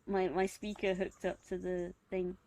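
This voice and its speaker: A woman with a posh British accent and a husky, deepish voice, chatting casually on a late-night stream in a rambling, giggly, self-mocking way. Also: monotone, unhurried, darkish tone. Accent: posh British English. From Britain. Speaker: live streamer.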